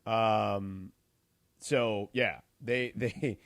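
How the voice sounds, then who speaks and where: A man co-hosting a sports talk radio show, lively and playful, teasing his partner with a chuckle. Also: on the low side, extremely slow, vocal fry, no room sound, clean studio sound.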